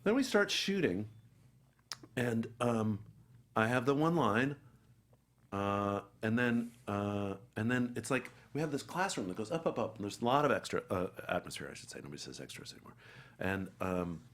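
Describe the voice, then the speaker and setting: Middle-aged guy, low voice that swings all over, acting out every bit of his story. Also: moderate pace. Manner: animated, acts out the people in his story. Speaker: actor guest. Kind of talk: anecdotal storytelling.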